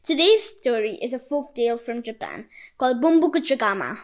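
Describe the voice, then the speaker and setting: A woman with a high, light voice reads a folk tale aloud. Her narration is expressive and animated, lifting for surprises and dropping for quiet moments. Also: brisk, low-quality recording. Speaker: storyteller. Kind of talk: storybook narration.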